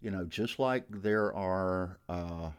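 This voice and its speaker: A man's voice: sits low, takes it slowly, smooth. A middle-aged man from the North Georgia mountains with a Southern Appalachian accent, chatting as a radio guest and rambling with many restarts. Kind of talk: casual interview.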